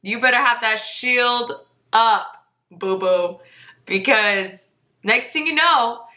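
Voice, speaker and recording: Woman podcast host, animated and breezy storyteller, bright voice, roomy echo. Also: fairly high pitch, takes it slowly. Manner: animated, chatty, laughs often, says "whatever". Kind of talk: casual storytelling monologue.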